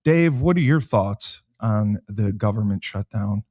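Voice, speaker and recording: A man hosting a talk show, steering the chat and recapping the news in a steady reading tone. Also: on the low side, a little slow, no room sound. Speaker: show host.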